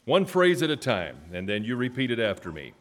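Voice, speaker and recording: A man preaching as a guest, halting with fillers and restarts, then reading scripture in loud, stressed phrases for the church to repeat. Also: medium pitch, big pitch swings. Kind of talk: sermon with call-and-response reading.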